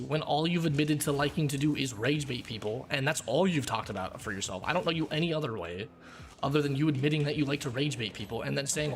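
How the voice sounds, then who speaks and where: A man's voice: a little high, lively intonation, fairly quick, slight background noise. A man streaming a game, ranting angrily at a viewer in a blunt, profane, lecturing way. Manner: lectures in a hammering, repetitive way. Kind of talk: heated rant at a chat viewer.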